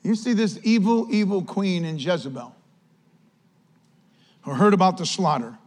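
A man preaching a sermon as pastor, telling the story with animated energy and acting out the quotes. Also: high voice, moderate pace, long reverb tail.

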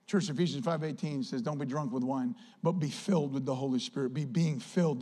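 A male pastor with a high-pitched voice delivers a sermon. He swings between loud, climbing pleas and relaxed, joking asides to the congregation. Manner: impassioned, rising to near-shouts when quoting Paul; conversational asides and jokes.

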